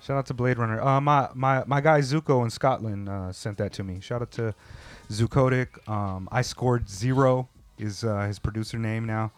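A man in his forties hosting a casual podcast chat, easygoing and slangy, firing off quick questions. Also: mid-range voice, fairly even intonation. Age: 40s. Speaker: podcast host.

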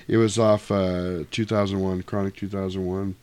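A man's voice: low-pitched, fairly even intonation, brisk, few pauses, darkish tone. A man co-hosting a casual podcast, cracking crude jokes and acting out movie scenes. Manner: crude, joking, acts out scenes. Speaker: podcast co-host. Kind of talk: casual chat.

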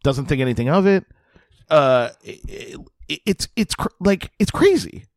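A man's voice: fairly high pitch, very animated, unhurried, creaky, no echo, clean studio sound. A man co-hosting a casual movie-review podcast, sarcastic and profane, laughing often. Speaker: podcast co-host.

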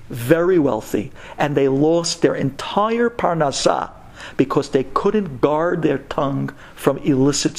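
Earnest gravelly man preaching. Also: a little high. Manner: earnest, urging. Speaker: rabbi. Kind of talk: sermon.

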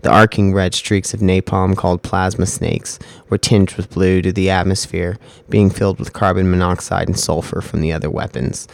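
Brief: man playing a deep-voiced, gravelly, rambling musician storyteller, home mic. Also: flat delivery, normal speed, hardly any pauses, dry recording. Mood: dreamy. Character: drifting male musician telling war-torn sci-fi tales. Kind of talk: spoken-word role-play monologue.

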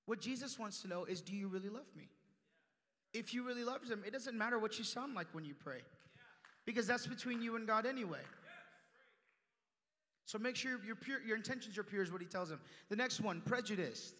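A young man preaching with a high, bright, ringing voice that jumps from loud emphasis down to quiet asides. His sermon carries a long reverb off the church walls. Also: a little fast, pauses often. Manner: animated, swings from loud emphasis to hushed asides. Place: church sanctuary.

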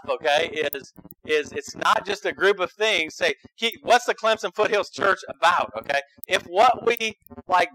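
A man's voice: sits high, sharp tone, dry recording, low-quality recording. A man preaching a sermon as pastor, conversational and emphatic, often checking in with the congregation.

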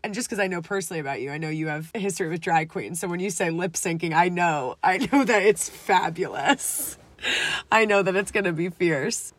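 A woman's voice: lowish voice, a little fast. Laughing, gushing woman podcast host. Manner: laughs often, enthusiastic and gushing. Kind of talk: casual interview chat.

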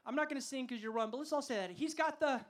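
A man preaching a sermon to a festival crowd, fervent and calling for responses, sometimes rising to shouts. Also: extremely high pitch, fast.

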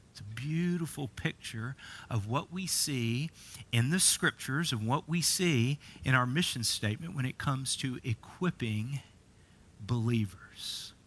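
A man's voice: mid-range voice, bright, forceful tone. A middle-aged man preaching a sermon as pastor, telling a story and often repeating and restarting words.

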